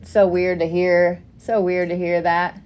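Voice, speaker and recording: A woman hosting a casual live stream, telling stories with lots of swearing and lively asides to her audience. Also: fairly low pitch, measured pace. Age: adult parent. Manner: animated storytelling, frequent swearing. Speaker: live-stream host making custom bracelets.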